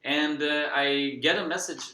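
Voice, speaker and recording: Laid-back guy vlogging a story, bright voice, roomy echo, lots of uhs. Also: fairly high pitch, unhurried. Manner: relaxed, calm, with many fillers and restarts. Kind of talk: casual storytelling.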